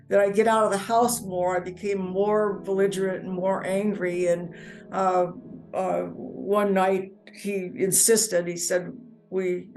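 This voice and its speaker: A woman's voice: lowish voice, creaky, a little mellow, rough recording. Earnest woman telling a personal testimony. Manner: halting, repeats words, earnest. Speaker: near-death experience storyteller.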